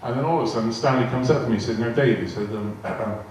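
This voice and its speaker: A man's voice: mid-range voice, rapid-fire, a little mellow. An older man telling rambling anecdotes to a live audience, often repeating words and acting out quoted dialogue. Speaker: guest speaker telling anecdotes. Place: large arts hall. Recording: echoey hall, distant mic, faint noise. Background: audience laughter.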